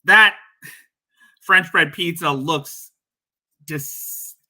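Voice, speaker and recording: A man's voice: on the high side, extremely slow, sharp tone. A male livestream host giving casual, mocking commentary on a clip. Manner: mocking, ranting.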